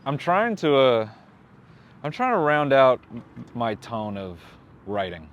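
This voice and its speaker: A man's voice: medium pitch, sing-song, a little slow, dull audio. A man who is a comedian, guesting on a podcast and riffing in a self-deprecating way. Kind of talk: casual comedic chat.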